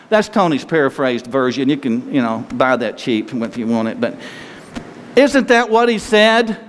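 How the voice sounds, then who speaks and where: A pastor preaching a sermon in a conversational way, full of rhetorical questions. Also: male voice, mid-range voice, sing-song, normal speed. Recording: long reverb hall, faint noise.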